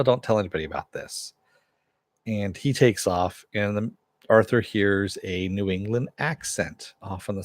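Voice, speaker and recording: A man recapping a TV episode in a relaxed way, chuckling often and using many fillers. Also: lowish voice, no echo, clean studio sound. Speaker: TV episode reviewer.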